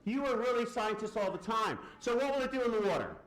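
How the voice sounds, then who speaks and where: Lively man quizzing a lecture hall. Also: high voice, quick pace, background noise. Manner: lively, quizzes the audience and answers his own questions. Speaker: science lecturer. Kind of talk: live physics demonstration lecture.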